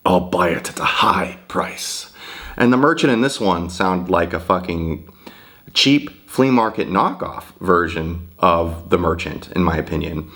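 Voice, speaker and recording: A man with a very low voice talks through a video game review in a casual, rambling way. He hesitates often, trips over restarts and swears freely. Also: fairly bright tone. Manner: rambling, profane, hesitant with many fillers.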